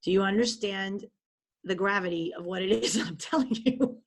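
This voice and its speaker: A woman doing a soothing divine female presence, gentle, tender, reassuring, a touch lower and softer than her usual talk, calm even delivery. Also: moderate pace, lightly acted.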